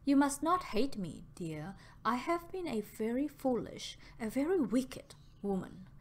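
A woman reading the part of a remorseful young woman in a low, weak, half-whispered voice. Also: very animated, a little slow. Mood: contrite.

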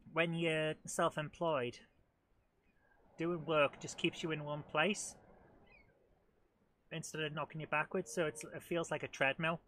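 A man's voice: on the high side, steady tone, slow pace, long pauses, bright, forceful tone, slight background noise. A middle-aged man hosting a live let's-play, chatting and joking at his own expense. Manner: chatty, self-deprecating, talks to the game. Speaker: host of a retro gaming channel.

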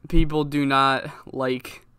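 A man's voice: medium pitch, flat delivery, takes it slowly, pushed and bright, clear, resonant tone, no room sound, studio quality. A man giving casual, rambling commentary on a wrestling game, swearing often. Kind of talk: casual let's-play commentary.

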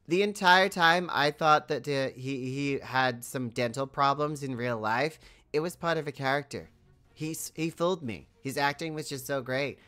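A woman's voice: extremely low pitch, sharp tone. A woman hosting a building video, chatting casually and thinking aloud, with frequent small laughs. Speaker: host.

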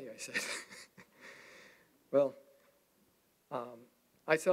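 A man in his sixties giving a talk to an audience, telling a lively personal story and acting out the dialogue. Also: mid-range voice, drawn-out words, pauses often, slightly rough. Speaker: guest speaker.

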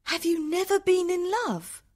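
A man's voice: very high-pitched, big pitch swings, a little slow, pitched above the performer's own voice, full character voice. A man voicing a kind young woman of about twenty-two who keeps the peace, in an audiobook story.

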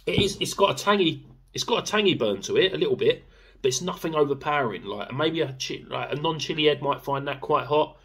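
A man's voice: a little high, lively intonation, brisk, fairly bright tone, husky. A young man chatting casually in a sauce review vlog, rambling with fillers and swearing freely. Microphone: camera mic.

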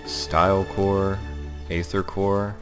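A young man giving let's-play commentary, thinking aloud and reacting excitedly as he plays. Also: sits low, takes it slowly, music in the background. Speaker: gaming channel host.

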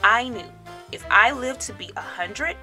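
A woman teacher reading a children's storybook aloud with expressive, animated storytelling. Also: fairly high pitch, a little slow, soft background music.

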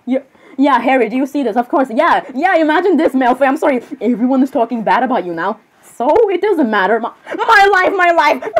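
A woman's voice: high-pitched, expressive, brisk, slightly rough. A young woman chatting in character as a cosplayer, rambling and apologizing often between giggles. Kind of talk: in-character cosplay role-play chat.

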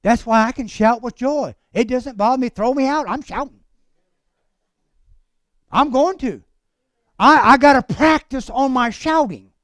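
A man's voice: very high voice, measured pace, long pauses, a bit bright, no room sound. A man preaching a fervent sermon at a church service, reading scripture and calling out to his congregation. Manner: fervent, calls out to the congregation for amens. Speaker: pastor.

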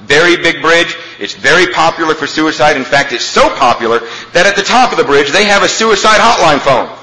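A man speaking at a recovery meeting, telling a humorous story in an animated, comic way. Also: a little high, a little fast. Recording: echoey hall, faint ambience.

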